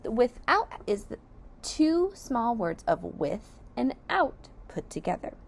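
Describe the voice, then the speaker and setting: A woman teacher walks young children through sight words and compound words, stretching each sound out very slowly and clearly. Her pitch sits a little high and swings widely as she praises and encourages. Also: big pitch swings. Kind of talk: sight word and phonics lesson for young children.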